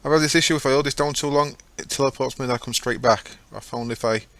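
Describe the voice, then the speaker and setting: Guy rambling thru his game, chatty, fixes himself mid sentence, normal pitch. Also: quick pace, fairly bright tone, no room sound. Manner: chatty, rambling, self-correcting. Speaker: gaming channel host. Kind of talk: casual gameplay commentary.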